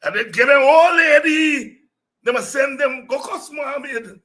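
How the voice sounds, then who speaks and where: A man hosting a political talk show, telling animated stories and breaking into song. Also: very high-pitched, unhurried. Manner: animated storytelling, breaks into singing and shouting. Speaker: show host.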